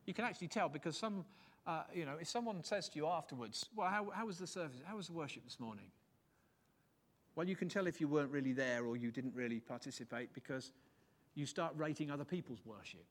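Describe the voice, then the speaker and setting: This church preacher talks fast, animated and jokey. He swings his pitch and loudness to emphasize his points.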